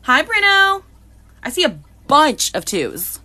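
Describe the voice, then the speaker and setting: Bubbly high-pitched woman. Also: measured pace. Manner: excitable, bubbly, greets viewers by name. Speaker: live-stream host. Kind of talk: live unboxing chat with viewers.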